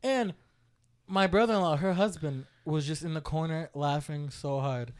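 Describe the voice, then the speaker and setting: A young man, a podcast co-host, telling a story in casual chat, swearing and loudly acting out quotes. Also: on the high side, moderate pace.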